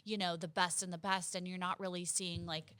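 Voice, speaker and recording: Bright, earnest young woman. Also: lowish voice, flat delivery, fairly quick, smooth, dry recording. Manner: earnest, gushing, filler-heavy with "like" and "you know". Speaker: podcast co-host. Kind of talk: casual chat.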